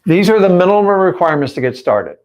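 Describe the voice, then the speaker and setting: Male coach, fairly high voice, punchy emphatic live-stream delivery, lots of rhetorical questions. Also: very animated, fast, darkish tone. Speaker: real estate coach.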